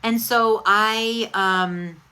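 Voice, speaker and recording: A woman's voice: fairly high pitch, fairly even intonation, very slow, sharp tone, clean tone. A middle-aged woman host in casual, candid chat, talking expressively about her week.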